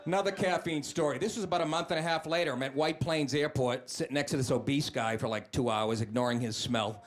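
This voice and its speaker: A man doing a stand-up set in a comedy club, telling brash, profane stories and acting out the people in them. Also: on the high side. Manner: brash, profane, fast storytelling with acted-out voices. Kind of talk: stand-up routine. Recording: club set with crowd laughter.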